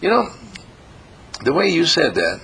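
Guy doing a gushy sugary lady, sing-song, heaping on compliments, a bit gravelly underneath. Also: fairly high pitch, measured pace, voice pushed up, heavily acted, rough recording. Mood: gushing. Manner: effusive, sing-song flattery. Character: gushing, endlessly affectionate woman visitor.

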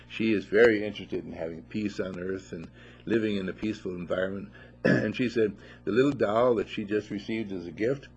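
A man giving an informal spiritual talk to a small group at a monastery, animated and playful, full of rhetorical questions. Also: on the low side, vocal fry. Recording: dull lo-fi recording.

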